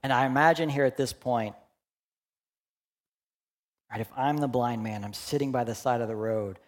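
A young adult male pastor preaching a sermon, animated and humorous, then dropping to hushed, earnest asides. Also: medium pitch, moderate pace.

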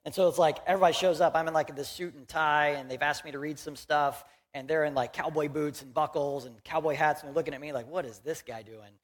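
A man's voice: on the high side, fairly even intonation, fast, few pauses. A young man from Houston, Texas, giving a conversational, joking sermon as a pastor in a church and talking directly to the congregation.

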